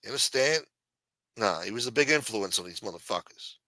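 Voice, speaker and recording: A man's voice: on the low side, expressive, fairly quick, sharp tone, no echo, poor audio. A man hosting a late-night talk show, ranting bluntly with lots of profanity. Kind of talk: casual talk-show rant.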